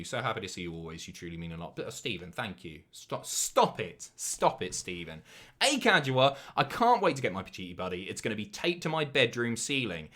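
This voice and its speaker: Reading out donation messages during a live stream, this young Southern English man talks casually in a lowish, somewhat bright voice. Expect plenty of swearing, jokes and rapid side comments.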